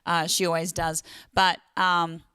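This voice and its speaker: An Australian woman hosting a casual livestream, chatty and quick to laugh, reading viewer comments aloud. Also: fairly low pitch, level tone, sharp tone, smooth, dry recording, clean studio sound. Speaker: livestream host.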